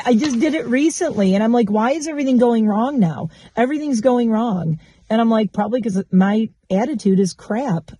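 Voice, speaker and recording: Candid swearing woman with a dark voice. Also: on the high side, dry recording. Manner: candid, blunt, swears freely. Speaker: vlogger. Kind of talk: casual chat.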